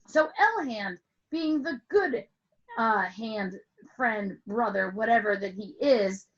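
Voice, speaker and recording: On a screen-shared online call, a woman teaching music explains a lesson through a playful story, drawing out words and asking questions. Her voice is on the high side and expressive, she takes it slowly, and the highs are cut off.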